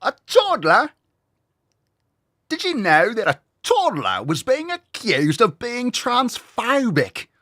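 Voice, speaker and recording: A man's voice: wildly swooping pitch, slow pace, sharp tone, full character voice. A man putting on an exaggerated British accent to play an incredulous, mocking bloke. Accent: British, put on. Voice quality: mocking, squeaky exaggerated pitch.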